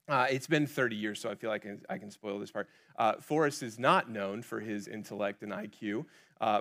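A man's voice: medium pitch, fairly bright tone. A man preaching a conversational sermon in a casual way, with frequent fillers and restarts. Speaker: pastor.

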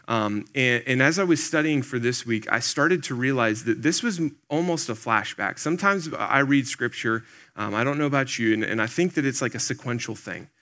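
An earnest man preaching a loose, conversational sermon to his congregation. He talks in plain everyday words at a middle pitch and keeps asking his listeners questions directly. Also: normal speed, sharp tone. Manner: loose and plain-spoken, with many "like" and "um". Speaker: pastor.

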